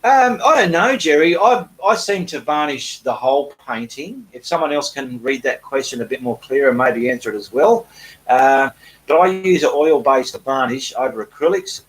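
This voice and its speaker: Australian man, middle-aged, casual live-stream chat, self-deprecating, average pitch. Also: lively intonation, normal speed, poor audio. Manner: chatty, self-deprecating, reads comments aloud. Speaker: artist hosting a live Q&A.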